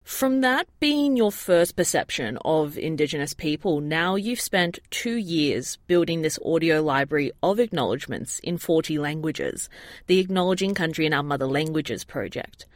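Low-voiced female interviewer, dry sound. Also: animated, normal speed, no echo. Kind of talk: broadcast interview question.

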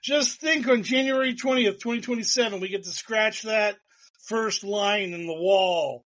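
A man with a high voice talks in a loose, sarcastic ramble, full of restarts and quick asides. His casual chat swings between mockery and excitement. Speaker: podcast co-host.

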